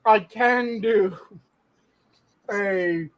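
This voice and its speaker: A man's voice: high-pitched, very slow. A man co-hosting a podcast, chatting casually and explaining bits of trivia he looked up. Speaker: podcast co-host. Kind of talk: casual chat.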